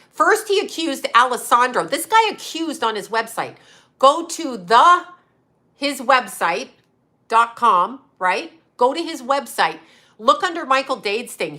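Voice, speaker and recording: A middle-aged woman, a psychic medium, ranting on a livestream with angry, profane, rapid-fire questions aimed at a critic. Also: a little high, bright, forceful tone. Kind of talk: heated livestream rant to viewers.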